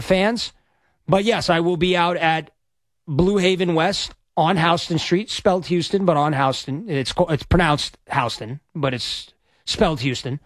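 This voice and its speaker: A man's voice: fairly high pitch, no echo. Guy hosting sports talk radio, rambly and hyped, dry close mic. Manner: energetic, rambling, self-promoting. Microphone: studio microphone.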